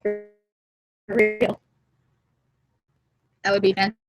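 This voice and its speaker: A woman's voice: mid-range voice, completely flat delivery, slow, highs cut off. Young woman host, loose rambling livestream chat, giggly asides, mumbled trail-offs, laptop mic. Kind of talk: casual chat while drawing. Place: warm room at home.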